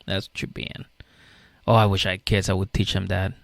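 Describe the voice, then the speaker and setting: Gravelly-voiced man, animated comedic recap. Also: brisk, dry recording, clean studio sound. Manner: animated, acts out characters in high squeaky voices. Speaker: podcast co-host. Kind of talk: casual comedic recap chat.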